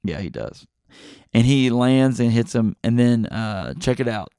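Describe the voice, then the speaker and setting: A middle-aged man hosting a podcast, retelling a movie plot in a rambling, excitable way with many fillers and restarts. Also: mid-range voice, a little slow, clean tone, no echo, studio quality. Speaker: podcast host. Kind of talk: casual movie podcast chat.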